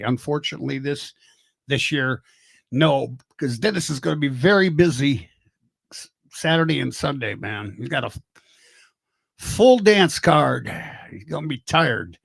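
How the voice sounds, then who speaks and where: A man's voice: a little high, expressive, moderate pace, creaky, husky, no echo. Older man rambling and joking on a livestream. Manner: rambling, joking, greets viewers by name. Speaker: livestream host. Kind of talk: casual livestream chat.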